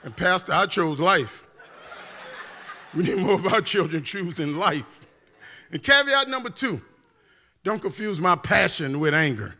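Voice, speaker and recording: Man, high voice, church keynote, passionate, repetitive rhythmic build, humorous asides. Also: animated, a little slow, long pauses, pushed and bright. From New Orleans, USA. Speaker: guest speaker. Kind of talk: impassioned church keynote speech. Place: church sanctuary. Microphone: standing at a mic.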